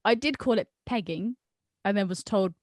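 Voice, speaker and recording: A woman's voice: mid-range voice, normal speed, no room sound, studio quality. A young woman in casual chat over a video call, rambling through anecdotes with giggles. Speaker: guest.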